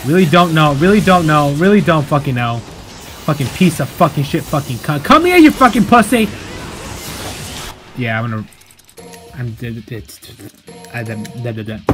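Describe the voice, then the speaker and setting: A young man casually commentating his gameplay, swearing freely and flaring into angry outbursts at the game, then settling back into chatty explaining. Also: on the high side. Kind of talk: casual let's-play commentary. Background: game music.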